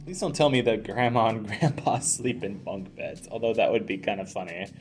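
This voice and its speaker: A man's voice: lowish voice, lively intonation, normal speed, soft background music. A man giving rambling, self-deprecating commentary while playing a video game. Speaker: let's play commentator.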